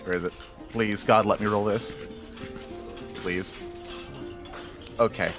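A man's voice: on the low side, steady tone, slow, over music. A man playing a tabletop game who laughs and swears his way through his turn. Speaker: player.

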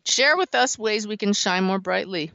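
A woman hosting an interview show, expressive and quick to laugh. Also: mid-range voice, gravelly, dry recording. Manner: expressive, laughs often, warmly enthusiastic. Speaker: podcast host. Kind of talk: interview conversation. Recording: slightly dull, dry sound.

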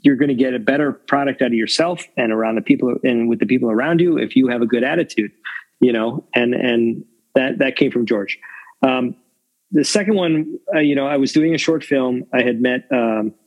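A longtime film crew veteran in his fifties answers interview questions candidly and reflectively, rambling with many fillers. His medium-pitched voice moves at a brisk pace, and the recording sounds lo-fi.

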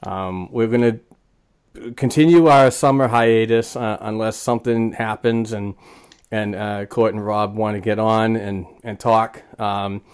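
A man's voice: on the low side, fairly even intonation, unhurried, clean tone. A man hosting a casual sports podcast, rambling with lots of fillers and restarts. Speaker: podcast host.

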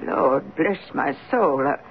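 A homespun Maine housekeeper. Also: female voice, sits low, vocal fry, exaggerated voice. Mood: worried. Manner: homespun, earnest, halting. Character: plain-spoken middle-aged female housekeeper, superstitious. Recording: tinny 1970s radio broadcast, faint hiss.

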